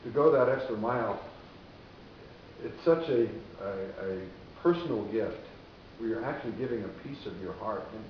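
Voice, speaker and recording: A man's voice: lively intonation, moderate pace. A man, a rock drummer, interviewing casually with short earnest replies. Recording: echoey, dull, with low rumble.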